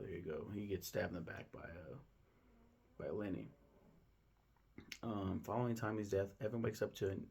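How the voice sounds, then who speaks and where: Man, gravelly, husky, casual film recap, rambling, lots of ums, swears freely. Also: lowish voice, darkish tone. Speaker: film reviewer.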